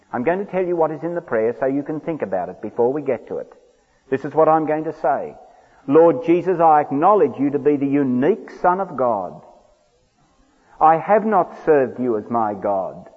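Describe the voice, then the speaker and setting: A man's voice: mid-range voice, lively intonation, slightly rough. Guy preaching, earnest and pleading, big church reverb, sounds thin like a phone line. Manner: earnest, pleading, slows to a hush in prayer. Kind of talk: evangelistic sermon with altar call. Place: large church. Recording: tinny phone-like sound with long hall reverb.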